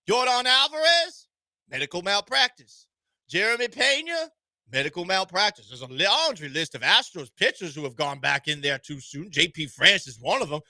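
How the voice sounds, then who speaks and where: A man hosting a sports talk radio show, animated and joking in a rapid-fire way. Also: sits high, no echo. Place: radio studio.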